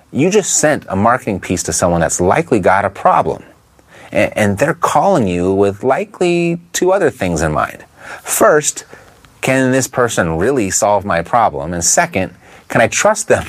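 A man teaching real estate investors how to talk to motivated sellers, in a lively coaching manner that keeps asking the listener rhetorical questions. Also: on the low side, normal speed. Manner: briefly imitates a Texan twang. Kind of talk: instructional talk to camera.

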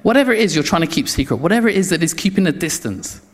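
Male preacher, slightly high voice, animated sermon with stumbling restarts and acted crowd voices, long hall reverb. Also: rapid-fire.

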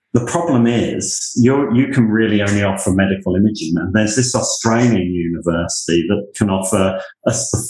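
Uk guy telling old career stories, kinda low voice, echoey room. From United Kingdom. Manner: animated anecdotes, acts out quoted voices. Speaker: guest, university leader. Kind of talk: storytelling in conversation.

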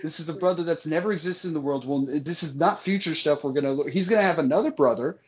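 A slightly high-voiced man in a loose, profane movie rant. He hammers his points by saying them again and again, swearing freely and sounding worked up as he talks. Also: quick pace. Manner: emphatic, profane, repeats for emphasis. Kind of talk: casual movie-review rant.

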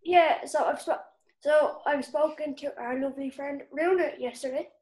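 Woman, high voice, upbeat, chatting casually on a podcast. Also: moderate pace, a little mellow. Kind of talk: casual chat.

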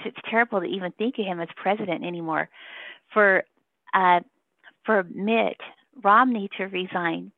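A woman's voice: mid-range voice, no room sound. A woman giving a casual phone interview, rambling and emotional, laughing often between her points. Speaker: interview guest. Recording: tinny phone line.

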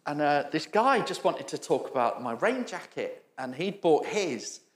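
A man's voice: on the high side, very animated, a little slow, echoey room. A middle-aged man preaching a storytelling sermon, chatty and self-mocking and often laughing. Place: church hall.

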